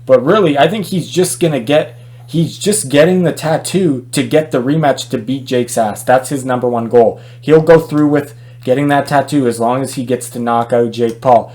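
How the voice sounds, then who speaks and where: A man's voice: mid-range voice, normal speed, darkish tone. A man giving his opinions in a casual boxing commentary vlog, talking loosely with fillers and restarts.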